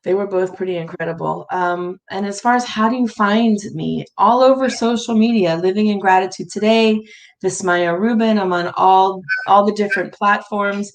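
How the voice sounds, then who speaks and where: A woman's voice: medium pitch, moderate pace, low-quality recording. Woman interview guest, conversational storyteller, easy laughter. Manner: warm storytelling, laughs often.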